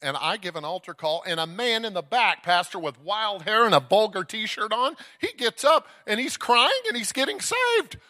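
A bright, forceful male evangelist from Texas works up a church crowd, shouting "come on, somebody" between stories. His voice sits a little high and swings from loud bursts down to hushed asides. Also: big pitch swings, moderate pace, few pauses. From Dallas, Texas. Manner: exuberant, calls out to the crowd, storytelling. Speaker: guest evangelist preacher. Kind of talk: energetic Pentecostal sermon. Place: church sanctuary.

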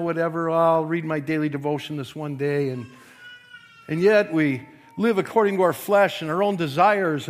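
A pastor preaching a sermon, swinging from quiet, low passages to forceful yelling. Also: male voice.

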